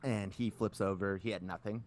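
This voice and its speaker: A man's voice: fairly low pitch, steady tone, moderate pace, a little mellow, slight background noise. A man co-hosting a podcast, telling a long story in casual chat, rambling with many filler words and frequent swearing. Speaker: podcast co-host.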